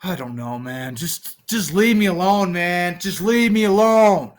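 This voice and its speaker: In a vlog, a man with a high, unhurried voice rambles through silly, improvised freestyle raps, occasionally breaking into shouts.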